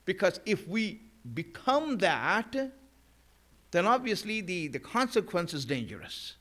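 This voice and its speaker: A man with a somewhat raised pitch gives a sermon in a relaxed, conversational manner. He leans on "you know" fillers and drives home key points by repeating them. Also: a little slow. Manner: emphatic repetition of key lines. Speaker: preacher.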